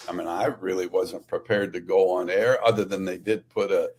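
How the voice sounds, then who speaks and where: A man in his sixties, a former rules analyst from the West Coast, telling animated stories in an interview. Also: deep voice, normal speed, few pauses, husky. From American West Coast. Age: 60s. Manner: animated storyteller, acts out quoted voices. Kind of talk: storytelling interview.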